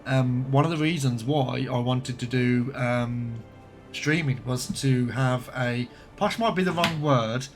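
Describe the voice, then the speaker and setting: A man's voice: mid-range voice, unhurried. A man from Birmingham with a light Birmingham accent, chatting casually and swearing now and then while live-streaming a game. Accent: light Birmingham English. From Birmingham, England.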